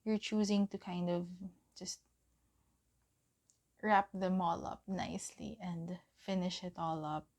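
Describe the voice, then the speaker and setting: A young woman giving a pick-a-card tarot reading, gentle and encouraging, often giggling and saying um. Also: fairly low pitch, steady tone, takes it slowly. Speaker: tarot reader.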